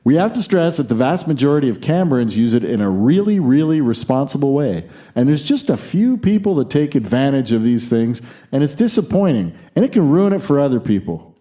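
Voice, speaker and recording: Guy doing a hammy mock australian spokesman, earnest, pitched up a bit from his own dark voice. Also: very animated, moderate pace, natural voice. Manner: playful exaggerated impression.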